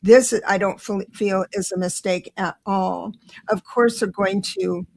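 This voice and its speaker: A woman hosting a live-stream tarot reading, chatty and encouraging, talking quickly with many restarts. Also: mid-range voice, steady tone, gravelly, darkish tone. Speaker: tarot reader and show host.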